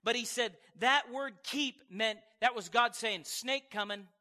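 A man's voice: extremely high pitch, measured pace, sharp tone, big-room sound. A man preaching a sermon, reading scripture and talking it through in a conversational, emphatic way, often checking in with his listeners. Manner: conversational, emphatic preaching with frequent call-outs to the congregation.

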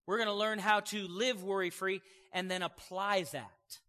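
A man's voice: high-pitched, moderate pace, hardly any pauses. A male pastor preaching a sermon, telling stories with energy and calling out "amen" to his congregation. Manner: storytelling, animated, calls "amen" to congregation. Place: church sanctuary.

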